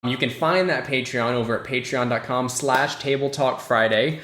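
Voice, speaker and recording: Laid-back podcast host in an echoey room. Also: male voice, mid-range voice. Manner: relaxed, laughs often, stammering restarts. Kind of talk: casual podcast chat.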